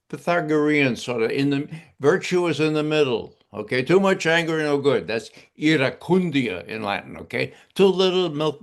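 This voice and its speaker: Slow, gravelly older man lecturing. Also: a little high. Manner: didactic, punctuates points with "okay?". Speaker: guest commentator. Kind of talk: lecturing talk show discussion.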